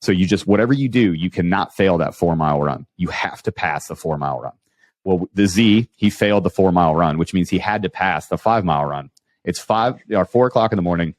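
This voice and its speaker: A man with a very low voice hosts a casual podcast and tells animated stories full of restarts. He speaks into a close microphone, and the sound is dry and dead. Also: brisk, no room sound. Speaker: podcast host. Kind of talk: casual storytelling interview.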